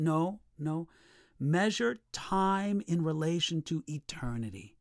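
A man preaching a sermon, reading scripture slowly and asking the listeners rhetorical questions. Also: on the high side, animated.

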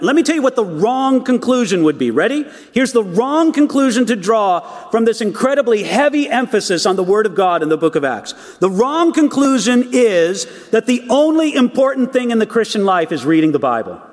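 A man with a strikingly high voice delivers a sermon. He speaks emphatically, repeating words and asking his listeners rhetorical questions. His voice rings out with the long reverb of a large hall. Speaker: preacher.

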